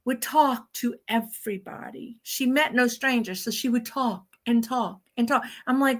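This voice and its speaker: A woman co-hosting a casual chat, telling lively stories and acting out the voices of the people in them. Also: on the high side, moderate pace, hardly any pauses. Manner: animated storyteller, acts out quoted voices. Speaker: co-host.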